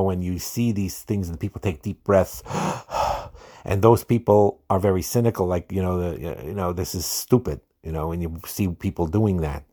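Low-pitched male podcast host, earnest and unscripted, repeats as he goes. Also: darkish tone. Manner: earnest, repeats words when starting a thought. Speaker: podcast host giving marriage advice. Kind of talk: solo podcast talk.

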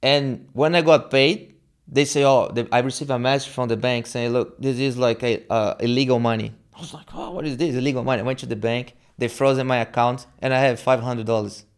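In a relaxed storytelling interview, a young Brazilian guest with a Brazilian accent acts out quoted dialogue animatedly in halting English, Portuguese being his native tongue. His voice is mid-range with a clean tone.

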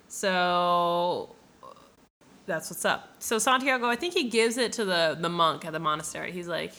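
Animated, profane young woman retelling a book. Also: lowish voice, normal speed. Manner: animated, profane, lots of fillers and asides. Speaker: book summarizer. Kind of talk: casual retelling.

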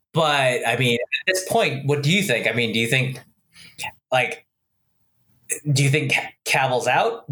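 A man with a bright, crisp voice talks casually about movies. He sounds chatty and a little hesitant, tossing questions back to his friend. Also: mid-range voice. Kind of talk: casual chat.

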